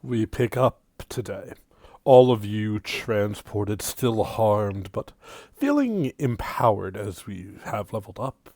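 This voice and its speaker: A man narrating as game master of a tabletop game in a measured, descriptive way. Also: fairly low pitch, big pitch swings, a little mellow, dry recording, studio quality. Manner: measured, descriptive, sometimes trails off.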